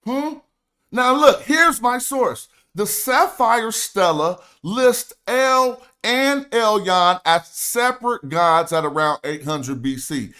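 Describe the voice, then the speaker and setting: A young man with a notably high voice lectures on his stream, pressing his points hard and reading passages aloud from his notes. He talks in an emphatic, argumentative way, like someone out to prove a case. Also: expressive, takes it slowly, sharp tone, clear, resonant tone. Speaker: stream host. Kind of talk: livestream lecture.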